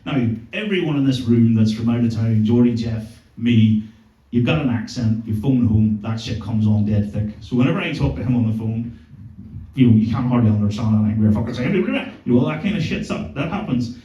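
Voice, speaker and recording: A man's voice: mid-range voice, brisk, dark tone, muffled recording. A man in his thirties with a Northern Irish accent doing a stand-up set, telling sweary, self-mocking stories. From Northern Ireland. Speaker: stand-up comedian. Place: comedy club stage. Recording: roomy club sound, mic heard from a distance.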